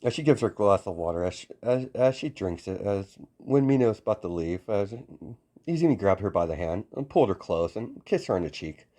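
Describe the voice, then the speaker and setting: Man, casual fan-story narrator, low voice, rambling with fillers. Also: animated, a little fast, warm tone.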